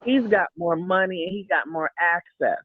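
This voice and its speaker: A man's voice: sits high, normal speed. A man calling in to a talk show, giving rambling, opinionated takes and repeating himself. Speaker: caller. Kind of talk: casual opinionated chat. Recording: tinny phone line with faint hiss.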